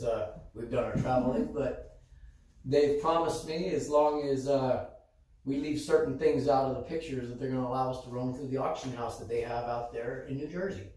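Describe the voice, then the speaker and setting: Man telling a story in an echoey room. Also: mid-range voice. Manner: animated, acts out quoted dialogue. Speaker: sports card dealer and show host. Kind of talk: casual storytelling. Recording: very echoey room, distant mic, faint noise.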